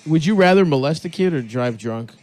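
A man's voice: a little high, lively intonation, fairly quick, background noise. A man in his thirties co-hosting a casual comedy podcast, asking naive and absurd questions. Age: 30s. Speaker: podcast co-host.

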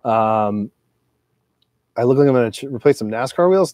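A man in his forties muses loosely over his record collection, swearing freely, digressing and using plenty of filler words. His medium, darkish voice has lively intonation, a moderate pace and long pauses, with a dry, studio-quality recording.

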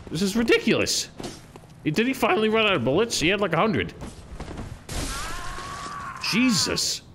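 A man's voice: high-pitched, sing-song, moderate pace, slight background noise. Man cursing over a hard game. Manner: frustrated, profane, yelling at enemies. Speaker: streamer playing a video game. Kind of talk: live game commentary.

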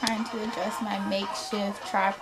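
A young woman telling a storytime vlog, animated and sassy, laughing often, recorded on a laptop webcam at home. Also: medium pitch, normal speed, heavy background noise. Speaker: vlogger.

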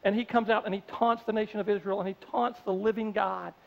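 With a high, steady, slightly creaky voice, a pastor preaches fast, telling his sermon like a story and slipping into each character's voice. The recording sounds dull, and a large church hall gives it a long reverb.

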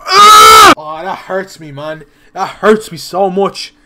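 A young man giving excited football video game commentary, shouting and laughing at goals. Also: high-pitched, a little slow, creaky, heavy background noise. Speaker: gaming YouTuber.

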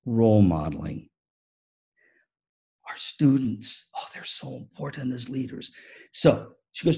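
Animated husky man giving a motivational talk. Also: medium pitch, measured pace, pauses often. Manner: animated storyteller, acts out the story. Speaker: music education speaker.

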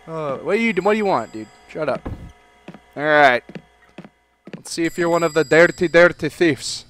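A man doing let's play commentary, loud and joking, swearing and talking back to game characters. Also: fairly high pitch, unhurried, pauses often. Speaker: gaming video creator.

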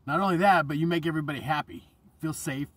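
A man's voice: on the high side, quick pace, a bit bright, breathy edge, far from the mic. A man vlogging in a casual, rambling monologue, passionate and profane, often restarting his sentences.

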